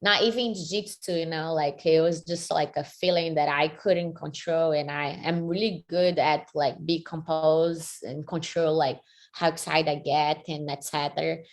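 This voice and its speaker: Energetic woman in her thirties. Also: low-pitched, normal speed. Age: 30s. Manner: energetic, frequent "like" fillers, second-language phrasing. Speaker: MMA fighter and jiu-jitsu athlete. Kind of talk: interview answers.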